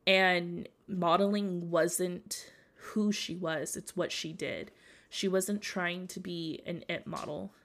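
A young woman, sick, hosting a casual solo podcast and gushing emotionally with lots of "like" and "um". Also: lowish voice. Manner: gushing and emotional, heavy use of "like" and "um". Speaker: podcast host.

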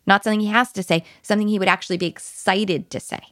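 A woman parenting coach who talks emphatically and dips into a hushed whisper when she models soothing words to a child. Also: mid-range voice, steady tone, very fast, no room sound, studio quality.

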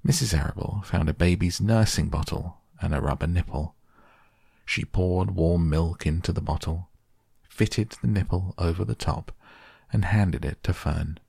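A man reading a children's novel aloud as a calm bedtime audiobook, with a gravelly, husky voice. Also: low voice, unhurried, no room sound, clean studio sound. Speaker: audiobook narrator.

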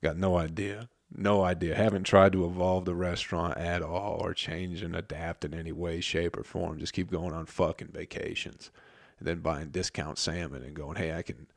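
A man's voice: low voice, flat delivery, normal speed, no room sound, clean studio sound. A man who works in a restaurant kitchen, telling a story as a heated, profane rant.

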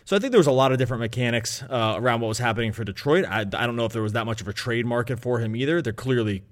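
Rapid-fire and mid-range, the voice belongs to a betting analyst co-hosting a sports podcast. His casual talk rambles, he fixes his own words as he goes, and he chuckles here and there.

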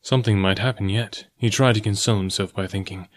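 A man narrating a novel in a steady, even storytelling way. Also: on the low side, quick pace, dry recording. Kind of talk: audiobook reading.

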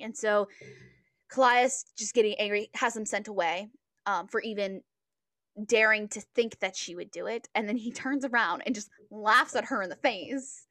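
A woman's voice: mid-range voice, moderate pace, a bit bright, no echo, studio quality. A woman co-hosting a podcast, casually retelling things in a rambling way with lots of fillers and restarts. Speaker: podcast co-host. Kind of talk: casual book chat.

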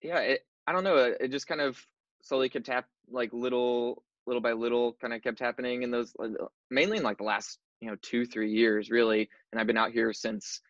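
In a casual interview, a young male actor talks about his career with an easygoing manner, peppering his speech with "like" and "dude." His mid-range voice holds a steady tone at a slightly fast pace. There's no room sound, and the audio is dull, dry, and lo-fi.

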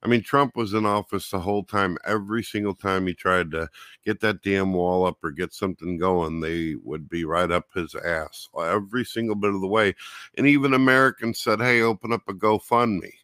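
A man's voice: low-pitched, fairly even intonation, normal speed, a bit bright, dry recording, studio quality. A man hosting a casual political chat, griping angrily with lots of swearing. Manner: angry, profane griping. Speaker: podcast host.

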